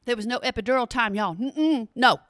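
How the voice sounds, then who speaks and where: A woman, telling a personal story in an animated, emphatic way and speaking straight to her listeners. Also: a little high, fairly quick, no room sound, studio quality.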